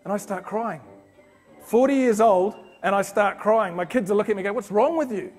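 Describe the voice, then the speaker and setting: Lively high-voiced keynote speaker. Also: male voice, normal speed, faint music behind. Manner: animated storyteller acting out little scenes. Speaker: conference speaker. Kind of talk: motivational keynote talk. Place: conference hall.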